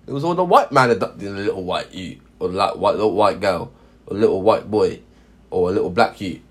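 A young man co-hosting a casual podcast chat, animated and slangy, laughing often. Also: deep voice, brisk, husky. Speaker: podcast co-host.

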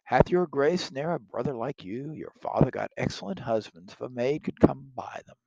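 A man reading aloud the part of a witty, sharp-tongued young noblewoman, lifting his voice a little for her lines. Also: medium pitch, lively intonation, moderate pace, creaky, dry recording, lo-fi sound, voice pushed up. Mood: teasing.

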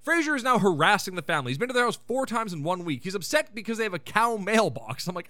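A man's voice: sits high, big pitch swings, fast, few pauses, bright, forceful tone, no room sound. A man hosting a podcast, recapping an episode in a casual, irreverent way and swearing freely. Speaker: podcast host.

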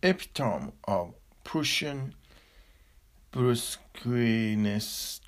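A man giving a slow, deliberate philosophical discourse with long pauses, like a spiritual teacher. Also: medium pitch, expressive.

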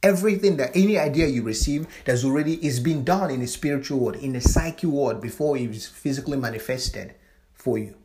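A man's voice: mid-range voice, brisk, noisy background. A man hosting his own channel, talking casually about spirituality, preachy and emphatic, swearing freely and using loose non-standard grammar. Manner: fluid non-standard grammar with frequent restarts. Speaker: channel host.

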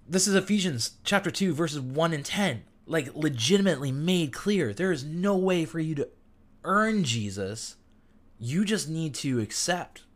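Excitable young man teaching the Bible. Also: a little high. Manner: enthusiastic, gets amped and self-interrupts. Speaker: podcast host.

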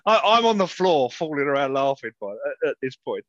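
A man's voice: a little high, big pitch swings, brisk, fairly bright tone, no room sound, dull audio. A man hosting a casual chat, telling rambling stories with many restarts and chuckles. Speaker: podcast host, interviewer.

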